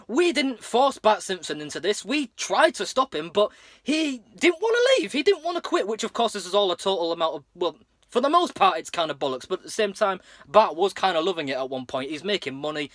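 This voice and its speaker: Man, casual episode recap, rambling, fairly high-pitched, dry close sound. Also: fairly bright tone, no room sound. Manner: rambling, many fillers and restarts. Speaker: episode reviewer.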